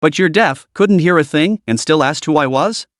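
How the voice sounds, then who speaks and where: A man voicing a cocky, flippant young man who teases with deadpan mockery in a story recap. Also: a little high, moderate pace, no room sound, studio quality, natural voice. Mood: mocking. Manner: mocking, deadpan teasing.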